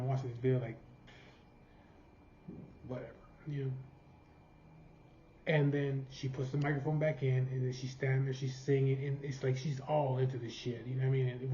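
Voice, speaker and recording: A Californian vlogger with a medium-pitched, dark-toned voice tells a rambling family story full of profanity, laughing at his own tale. The recording sounds roomy and slightly dull, with slight background noise.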